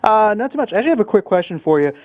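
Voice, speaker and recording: High quick guy calling in, tinny phone sound. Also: very animated, no echo. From Montreal. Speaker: caller. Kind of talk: phone call-in.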